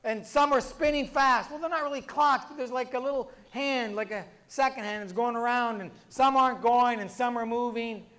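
A man's voice: very high-pitched, normal speed, few pauses, fairly bright tone. A male pastor telling humorous stories in a sermon, in a conversational, chained storytelling manner. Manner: conversational storytelling, many "and" links.

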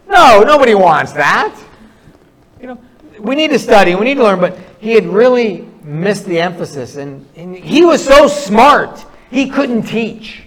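A middle-aged man delivers a sermon in a notably high voice. He speaks earnestly, leaning on stories and drawing out phrases with pauses between them. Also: expressive, a bit bright, poor audio. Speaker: preacher.

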